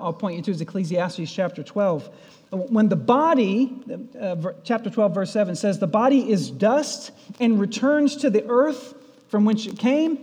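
High-voiced pastor preaching in a reverberant hall. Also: male voice, mellow. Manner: asks the listeners questions and retells stories. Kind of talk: sermon. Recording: long reverb of a large hall.

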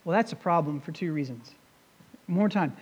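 Animated pastor preaching in a reverberant hall. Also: medium pitch, moderate pace, breathy edge, dull audio. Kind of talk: sermon. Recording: long reverb of a large hall.

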